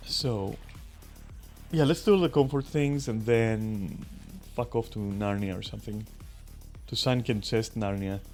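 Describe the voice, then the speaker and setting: A man with a lowish, darkish voice narrates his gaming stream in an unhurried, casual way. He swears often and makes crude jokes, and faint game music can be heard behind him.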